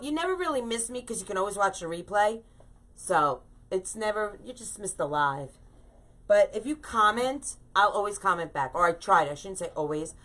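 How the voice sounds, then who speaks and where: A woman's voice: mid-range voice, a bit bright. A middle-aged woman hosting a chatty craft livestream, greeting viewers by name in a bubbly, upbeat way. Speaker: wreath-making livestream host. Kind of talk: casual livestream chat with viewers.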